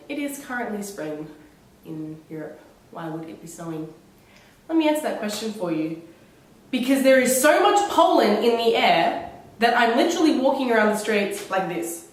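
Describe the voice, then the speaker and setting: A woman's voice: on the high side, sing-song, normal speed. A young woman with a cold vlogs from home, coughing now and then and rambling in a sarcastic, dramatic way. She sits well back from the camera, and her voice rings around a very echoey room. A faint noise sits under the recording. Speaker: vlogger. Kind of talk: casual vlog monologue. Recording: very echoey room, mic far off.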